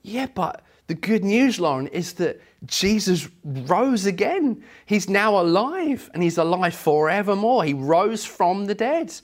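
A man voicing a gentle reassuring grandmother. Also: high-pitched, lively intonation, unhurried, pitched above the performer's own voice. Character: kind grandmother comforting a child.

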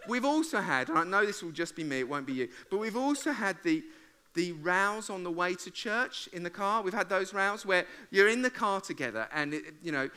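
This is a man in his forties preaching to a church congregation. His voice is fairly high for a man and very bright, and his pitch swings widely. He keeps things conversational and funny, breaking into loud acted-out arguments. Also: brisk. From England. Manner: animated, acts out arguments with loud outbursts; humorous, conversational. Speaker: pastor. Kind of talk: sermon. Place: church service before a congregation.

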